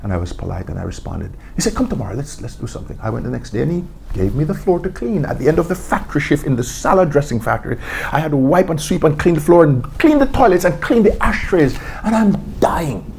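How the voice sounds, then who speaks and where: A man's voice: fairly high pitch, sing-song, fast, gravelly, darkish tone, a little hiss or hum. A man telling stories as an interview guest, acting out quotes and laughing often. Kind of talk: storytelling interview.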